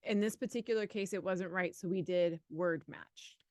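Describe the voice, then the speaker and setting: A woman co-hosting a live study stream, chatty and quick to laugh. She talks through answers out loud, her voice a little low for a woman. The sound is close and dry, with no room echo. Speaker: exam prep co-host.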